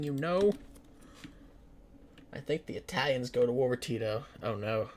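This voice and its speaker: Streamer type: an average-pitched man who reads game text out loud, stumbles now and then, and cracks casual jokes. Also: animated, a little slow, long pauses, a little hiss or hum. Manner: reads on-screen game text aloud, stumbling over words; casual, joking asides between reading. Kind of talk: strategy game livestream commentary.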